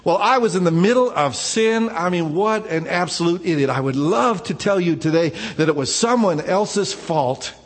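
Male pastor, casual storytelling sermon, slightly high voice, long hall reverb. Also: lively intonation, normal speed, few pauses. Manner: informal, personal storytelling, frequent "man" asides. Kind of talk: conversational sermon.

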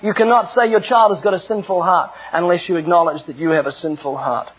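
Husky high-voiced male preacher. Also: fairly quick. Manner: earnest, emphatic preaching. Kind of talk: sermon with personal stories. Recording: dull lo-fi recording.

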